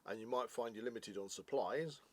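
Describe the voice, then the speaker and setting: A man's voice: mid-range voice, brisk. A man co-hosting a casual product review, chatty and jokey, explaining things at length.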